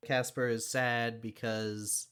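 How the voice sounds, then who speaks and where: A man's voice: medium pitch, flat delivery, drawn-out words, fairly bright tone, smooth. A man co-hosting a podcast, casually recapping a film's plot with plenty of filler words. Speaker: podcast co-host. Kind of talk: casual chat.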